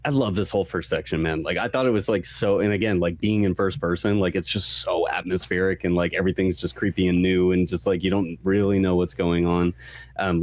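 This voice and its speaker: A man's voice: low-pitched, a little mellow. A male podcast co-host in a casual game discussion, rambling and profane, packed with fillers.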